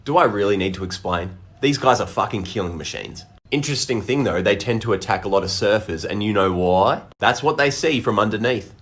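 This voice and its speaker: A man's voice: fairly low pitch, expressive, brisk, few pauses, a bit bright. A man with an Australian accent giving comedic list narration for a short video, blunt and laid-back with heavy swearing.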